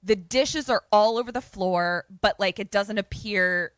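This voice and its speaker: A young woman co-hosting a podcast, casually recapping a movie in animated fashion, acting out the characters' lines and swearing freely. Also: medium pitch, unhurried, dry recording, clean studio sound. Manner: animated storytelling with quoted voices, frequent swearing. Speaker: podcast co-host.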